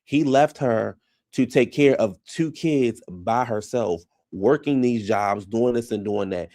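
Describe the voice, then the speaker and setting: A man's voice: medium pitch, slow, mellow, no room sound, studio quality. A man casually recapping a reality TV episode, chatty and frank, often trailing off and restarting mid-thought.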